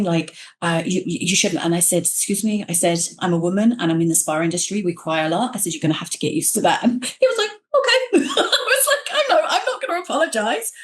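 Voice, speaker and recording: A middle-aged woman hosting a podcast, chatting warmly and acting out quoted voices as she tells stories. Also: on the low side. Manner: animated storyteller, acts out quoted voices. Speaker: podcast host. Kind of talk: casual conversation.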